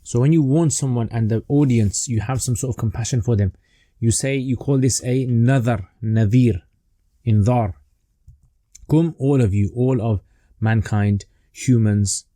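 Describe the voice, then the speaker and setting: Male online teacher, dark mellow tone, laid-back explaining, dry close sound. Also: mid-range voice, a little slow, no room sound. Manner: relaxed explaining, with fillers and restarts. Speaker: teacher of Quranic rhetoric. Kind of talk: casual online lesson.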